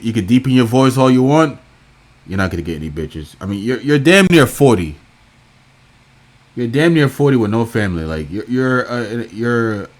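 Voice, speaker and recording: A man giving a casual reaction commentary, mocking and heckling with crude jokes. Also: lowish voice.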